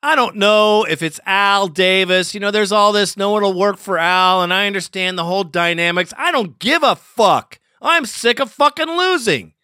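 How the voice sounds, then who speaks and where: Male podcast host, furious cursing fan rant, bright forceful voice, dead-dry booth. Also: high-pitched, moderate pace, hardly any pauses, clean tone, no room sound. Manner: profane and furious, swearing constantly. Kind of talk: angry postgame rant.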